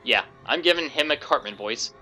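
A man's voice: on the high side, expressive, moderate pace, sharp tone. A man giving casual let's play commentary and rambling between lines of game text. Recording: faint game music behind.

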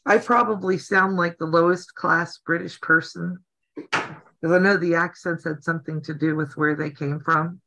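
A woman's voice: fairly low pitch, steady tone, normal speed, pushed and bright. A Southern American woman hosting a casual sewing livestream, chatty and teasing, laughing often. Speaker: host of a sewing channel livestream.

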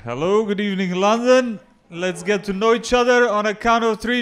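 Macedonian man doing lively stand-up. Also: sits high, fairly quick, few pauses, slight background noise. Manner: deadpan jokes with lively crowd work. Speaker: stand-up comedian. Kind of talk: stand-up comedy set. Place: comedy club before a live audience.

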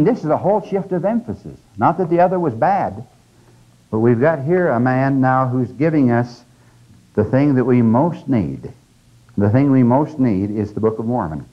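A man giving a recorded religious lecture to a live audience, earnest and exhorting, who slows down for quotations and stresses key words. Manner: earnest, exhorting, with sudden rises in pitch and stress; slows down for quoted scripture and sayings. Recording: dull lo-fi 1989 lecture tape.

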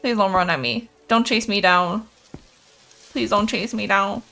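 A woman's voice: medium pitch, a little slow, vocal fry, pushed and bright, soft background music. A young woman streaming a horror game, talking to her chat and anxiously repeating pleas as she plays. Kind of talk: horror game let's play.

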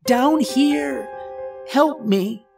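A man's voice: very high-pitched, very slow, gravelly, darkish tone, faint music behind, pitched above the performer's own voice, exaggerated voice. A man voicing a frightened nine-year-old boy trapped in a hole, trembling and crying as he pleads for help. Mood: pleading.

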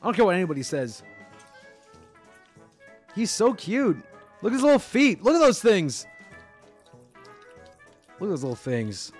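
Young male streamer, high and very lively voice, excitable casual commentary, faint music underneath. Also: measured pace, pauses often. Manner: excitable, animated, swings between loud squeals and mumbles.

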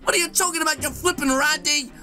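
A young man giving excited gameplay commentary as a YouTube host, exclaiming and talking straight to his viewers. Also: extremely high pitch, fast talker, soft background music. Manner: hyped, exclamatory, addresses viewers as guys. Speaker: gaming YouTuber.

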